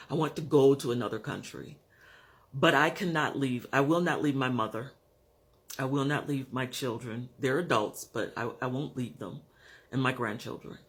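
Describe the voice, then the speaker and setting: A man in his fifties or sixties speaking frankly to his camera at home in a personal vlog, measured and pausing to find his words. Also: mid-range voice, a bit bright. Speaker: vlogger. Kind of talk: candid personal vlog monologue.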